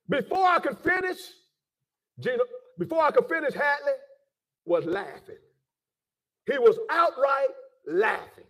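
A man preaching to his listeners with fervor. He repeats words and rises into shouts. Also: very high voice, distant mic. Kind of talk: impassioned preaching address.

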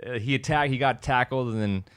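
A man's voice: medium pitch, a little fast, a bit bright, clean tone, dry recording, clean studio sound. A man co-hosting a podcast in casual chat, joking and swearing, often stumbling and restarting his sentences. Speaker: podcast co-host.

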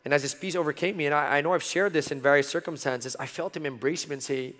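A middle-aged man preaching a sermon, earnest, moving from loud emphasis to soft, intimate tones. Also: on the high side, fast talker, hardly any pauses. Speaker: pastor. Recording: long hall reverb.

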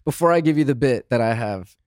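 Lively laughing man on a podcast. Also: quick pace, no room sound, clean studio sound. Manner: animated, bursts into high laughter, swears casually. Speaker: podcast guest. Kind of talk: casual chat.

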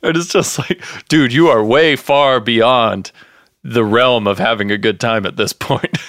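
A man casually recapping a TV episode with a co-host, animated and laughing often as he acts out lines. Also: mid-range voice, a little slow, dry recording, studio quality. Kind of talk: casual chat.

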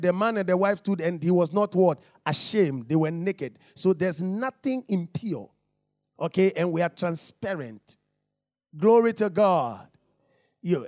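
Male pastor, high voice, slow and deliberate, call-and-response teaching style. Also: no room sound, clean studio sound. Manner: call-and-response, asking the listeners to repeat and confirm; reads scripture aloud in a slow, emphatic cadence. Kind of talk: interactive Bible teaching.

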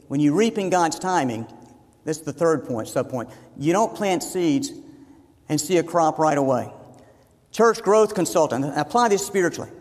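A man's voice: high voice, in a large hall. A man, a pastor, preaching a sermon in an emphatic way, repeating phrases to drive his points home.

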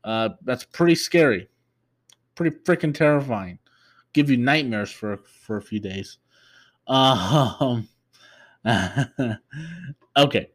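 Guy on his podcast going over an episode, slow and rambly, lots of uhs, regular mid voice. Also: mid-range voice, expressive. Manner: halting, filler-heavy, meandering. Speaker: podcast host. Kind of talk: casual episode recap.

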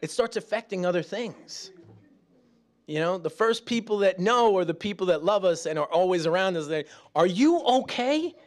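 A man preaching a sermon, telling stories with laughs and acting out quotes, dropping soft and slow for prayer. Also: sits high. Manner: animated storytelling with laughs and acted-out quotes; drops soft and slow when praying aloud.

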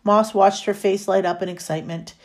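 A woman reading a novel chapter aloud in a steady storytelling manner. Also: mid-range voice, a little fast. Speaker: reader.

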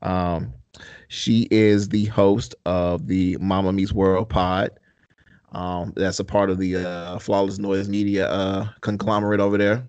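A low-voiced man hosts a podcast in easy, rambling chat, full of "um" and "like" and casual cursing. The sound is dry and a bit dull, as from a modest home mic. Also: flat delivery, a little slow, darkish tone, clear, resonant tone, no echo. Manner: rambling, laid-back, lots of fillers and casual cursing. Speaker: podcast host and mental health therapist.

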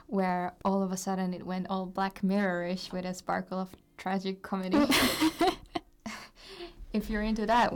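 A woman's voice: mid-range voice, darkish tone. A woman co-hosting a radio show, explaining topics in a friendly, chatty way with small laughs. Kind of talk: casual radio chat.

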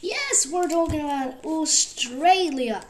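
Higher-pitched woman rambling on her podcast, lots of likes and fillers, bit of hiss. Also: expressive, slow. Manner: rambling, full of fillers like "like" and "actually". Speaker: podcast host. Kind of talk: rambling casual talk.

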